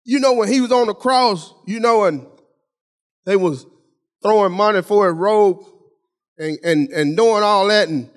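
A man's voice: high voice, a little slow, pauses often. A middle-aged man preaching a sermon in a folksy, conversational way, talking straight to the congregation and repeating phrases for emphasis. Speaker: pastor.

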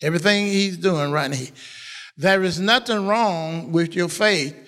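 A man's voice: high-pitched, unhurried, fairly bright tone, smooth. A man preaching a sermon, repeating phrases and laughing as he drives points home. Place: church. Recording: long reverb of a church hall.

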